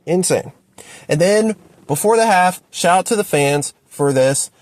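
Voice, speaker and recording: A man's voice: lively intonation, a little slow, no echo. Fed up guy ranting about his team at home, voice jumping all over the place, keeps repeating himself. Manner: exasperated, repetitive ranting with sharp swings up and down in pitch. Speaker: sports fan commentator. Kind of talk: ranting sports opinion video.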